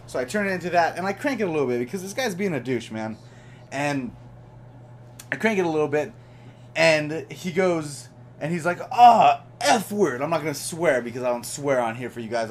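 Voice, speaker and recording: A young man telling a casual storytime monologue as a vlogger, animated and slangy, calling listeners bro. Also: fairly high pitch, slight background noise.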